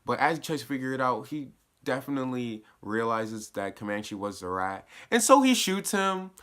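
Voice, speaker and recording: A man giving a casual spoiler recap of a TV episode, chatty and slangy, with sudden bursts of excitement as he retells scenes. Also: medium pitch, moderate pace, clear, resonant tone. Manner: laughs and uses slang while recapping. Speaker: TV episode reviewer.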